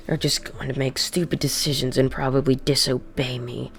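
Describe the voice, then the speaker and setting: Raspy, scornful young male villain, read by a woman; low, curt, storybook reading. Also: flat delivery, moderate pace, slight background noise. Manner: curt and dismissive.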